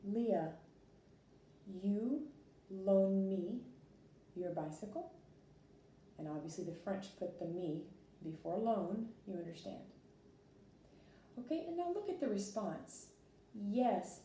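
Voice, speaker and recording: A woman walks students through a lesson, patient and full of little fillers. Her voice is dark and mellow. She sits back from the mic in a very echoey room with a faint hiss underneath. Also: mid-range voice, lively intonation, slow pace, long pauses, far from the mic. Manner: patient, explains step by step with fillers. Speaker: French teacher. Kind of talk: recorded classroom lesson.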